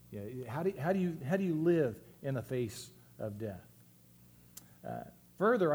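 A man's voice: fairly high pitch, a little mellow. A man preaching a sermon as pastor, earnest and reflective, often restarting his phrases.

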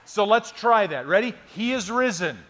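A man's voice: sits high, lively intonation, normal speed, fairly bright tone, a little hiss or hum. A man preaching a sermon in a church, conversational and joking, with frequent restarts. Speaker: pastor. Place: church sanctuary.

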